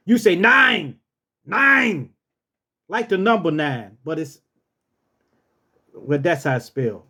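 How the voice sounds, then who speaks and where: A man tells a casual story, his voice high and swinging widely in pitch. He talks slowly and loosely, then barks each command roughly like a drill sergeant. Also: darkish tone. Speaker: storyteller host.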